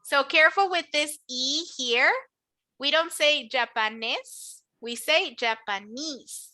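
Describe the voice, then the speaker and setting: High, bright-voiced woman teaching English. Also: unhurried. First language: Spanish. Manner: patient, enunciating, encouraging. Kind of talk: classroom pronunciation drill.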